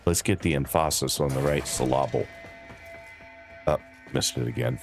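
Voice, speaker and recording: A man's voice: rumbling low, moderate pace, soft background music. A man casually chatting with his viewers while playing a game on a live stream. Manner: relaxed, chatty, talks to chat by name.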